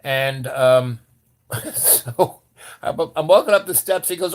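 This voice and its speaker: A man's voice: medium pitch, moderate pace. An older man telling a rambling personal story in casual talk, with many restarts, acting out the voices of the people he quotes. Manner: animated, acts out quoted voices.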